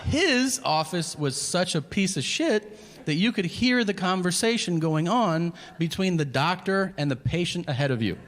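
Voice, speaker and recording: A man's voice: sits high, lively intonation, normal speed, fairly bright tone, some chatter behind. A male stand-up comedian telling a story on stage, profane and conversational, acting out the voices of the people in it. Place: large hall before a live audience. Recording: live stage recording in a reverberant hall. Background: audience laughter and ambience.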